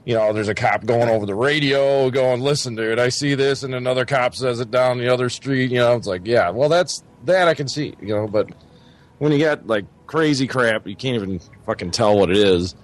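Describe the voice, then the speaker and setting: A man's voice: mid-range voice, a little fast. A man co-hosting a casual radio talk show, rambling and exasperated. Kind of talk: casual chat.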